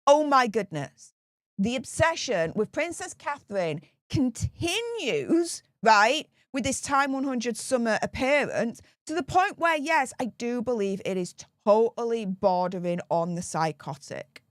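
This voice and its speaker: Brief: sarcastic British woman vlogger, higher pitch, dry, close recording. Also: measured pace, no echo. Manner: sarcastic, animated. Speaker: commentary vlogger. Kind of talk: casual commentary.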